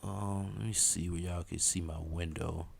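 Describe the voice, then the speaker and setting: A man's voice: low voice, level tone, normal speed, vocal fry, darkish tone, husky. A man in his thirties with a thick Southern US accent, rambling casually to his live-stream chat, full of slang and fillers.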